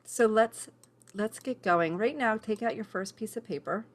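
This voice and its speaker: A woman's voice: mid-range voice, normal speed. A woman leading a live online women's class over a video call, earnest and emotional, encouraging people by name.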